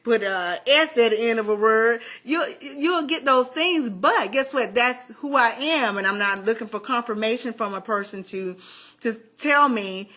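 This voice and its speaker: A woman with a Southern American drawl talks straight to her viewers in a lively, chatty pep talk. Her voice is bright and sits a little high. She keeps the encouragement flowing in an easy, conversational way. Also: moderate pace. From Southern US, Georgia. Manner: animated, chatty, addresses viewers directly. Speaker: motivational vlogger. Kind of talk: casual motivational talk.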